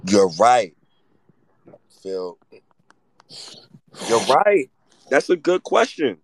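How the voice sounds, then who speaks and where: A man's voice: medium pitch, very animated, extremely slow, dry recording, rough recording. A man in his thirties, hosting a casual sports talk show and ranting with lots of profanity. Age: 30s. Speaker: host.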